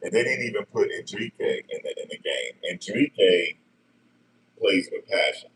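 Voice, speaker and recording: A man, talking casually and deadpan to his viewers, musing and repeating himself in slangy speech. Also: low-pitched, moderate pace, husky. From New Jersey, USA. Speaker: vlogger. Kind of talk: casual rambling monologue.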